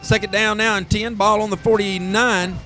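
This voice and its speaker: Southern guy doing high school football play-by-play, high voice, gets loud and hyped on long runs. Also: moderate pace, over music. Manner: excitable, rises to near shouting on big plays. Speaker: play-by-play announcer.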